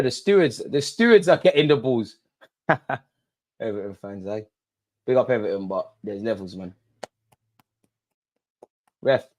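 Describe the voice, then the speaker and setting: Excitable man doing match commentary. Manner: excitable, shouting at the referee, swinging between loud outbursts and low muttering. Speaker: fan channel host. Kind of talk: live match watch-along commentary.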